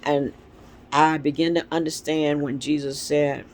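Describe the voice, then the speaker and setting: A woman's voice: low-pitched, unhurried, a little hiss or hum. A woman with congested sinuses, talking at home in an earnest, rambling way about her spiritual life on her vlog. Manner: earnest, rambling, animated storytelling. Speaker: vlog host. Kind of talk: casual spiritual reflection. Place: at home with a dog nearby.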